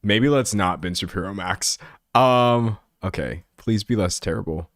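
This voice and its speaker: A man's voice: fairly low pitch, unhurried, fairly bright tone, no echo, studio quality. A young man chatting casually on a live stream, talking to his chat in a self-deprecating way and laughing often. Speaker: livestreamer.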